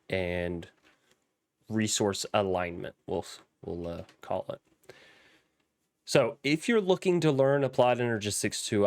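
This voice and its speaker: A man's voice: on the low side, clean tone, dry recording, clean studio sound. A young man with a Southern accent, rambling through casual gameplay commentary with frequent ums and restarts. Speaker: Minecraft modpack let's player.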